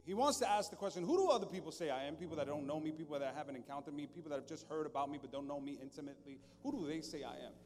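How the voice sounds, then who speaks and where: Joking pastor preaching in a reverberant hall. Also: male voice, fairly high pitch, racing, hardly any pauses, slight background noise. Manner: conversational and joking, drops to soft intimate tone. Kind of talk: sermon. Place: church stage. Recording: long hall reverb, faint music behind.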